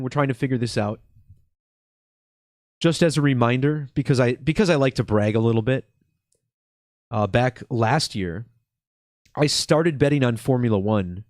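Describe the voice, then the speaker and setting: A congested man hosts his own channel in a relaxed, slow chat, full of ums and restarts. His voice sits at an ordinary middle pitch. The sound is dry and close, with no room around it. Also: no room sound. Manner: relaxed, slow and chill, with many fillers. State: congested from a cold. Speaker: channel host. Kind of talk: casual video commentary.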